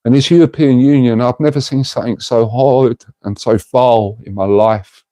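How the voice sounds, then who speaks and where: A man's voice: medium pitch, fairly even intonation, moderate pace, mellow, no room sound. A middle-aged man, hosting a casual livestream and talking to viewers in an earnest, rambling way. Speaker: livestream host.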